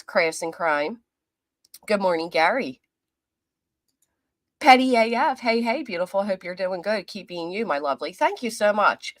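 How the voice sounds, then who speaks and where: A woman's voice: mid-range voice, dry recording. A woman hosting a livestream, chatting casually and friendly while reading out her viewers' names. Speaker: livestream host. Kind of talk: casual chat greeting live viewers. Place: apartment.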